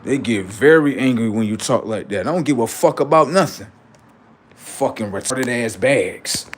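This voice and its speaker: A man hosting a livestream, ranting in a heated, taunting way, swinging between loud jeers and low asides. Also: lively intonation, normal speed. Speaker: livestream host. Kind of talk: profane livestream rant.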